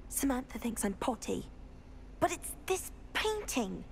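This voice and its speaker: An actress playing an inquisitive young female student in a video game, speaking in a chatty, brisk way. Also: fairly high pitch, very animated, gravelly, a loud crowd, heavily acted. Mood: curious. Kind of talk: video game character dialogue.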